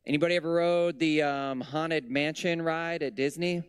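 A man preaches in a loose, conversational way, dropping in jokes and asides. His voice sits a touch high and rises and falls with emphasis. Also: normal speed, clean tone. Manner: conversational, humorous asides, lively pitch swings. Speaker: pastor. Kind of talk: casual sermon.

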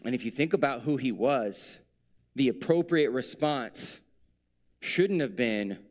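A man's voice: mid-range voice, lively intonation, moderate pace. A male preacher giving a sermon in a conversational, reflective way, with playful asides.

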